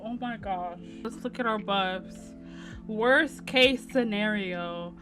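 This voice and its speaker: A young woman giving casual let's-play commentary on a life-sim game, chatty and quick to exclaim. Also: medium pitch, over music. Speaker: gaming channel host.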